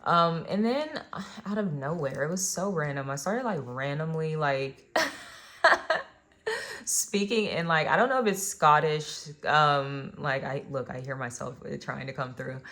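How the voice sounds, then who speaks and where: A young woman with a low, slightly bright voice gives a casual tarot card reading at a moderate pace. She chats directly to her viewers, with plenty of ums and uhs.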